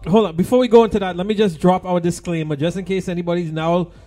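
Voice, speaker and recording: A man's voice: sits high, fairly even intonation, fast, dark tone, soft background music. A man co-hosting a comedic radio show, laughing often and prompting his partner with short questions. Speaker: radio co-host and DJ. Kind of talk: casual comedic radio chat.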